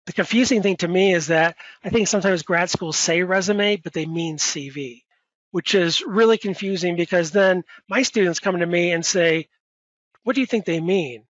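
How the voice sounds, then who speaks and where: A man's voice: sits high, normal speed, a bit bright, no room sound, muffled recording. A man, a professor, answering audience questions in a webinar in a conversational way, with many fillers and self-corrections. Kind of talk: webinar Q&A advice.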